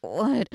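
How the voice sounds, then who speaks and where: A woman voicing a defiant young waitress in a scripted audio role-play, teasing and sarcastic, then pleading, with a breathy voice. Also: no room sound, studio quality, exaggerated voice. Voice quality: breathy, swings between low murmurs and high cries.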